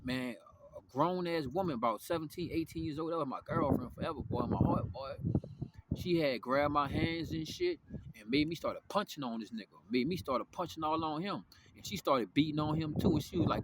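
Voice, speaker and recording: A man's voice: fairly high pitch, normal speed. A young man telling a story in a rambling, profane monologue, full of slang and restarts. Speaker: vlogger. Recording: noisy background.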